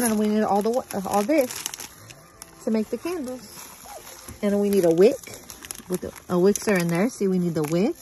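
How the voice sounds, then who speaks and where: A mother with the hiccups, gently talking her small child through a craft at home. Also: mid-range voice, moderate pace, long pauses. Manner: gentle, coaxing, speaks simply to a small child. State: has the hiccups.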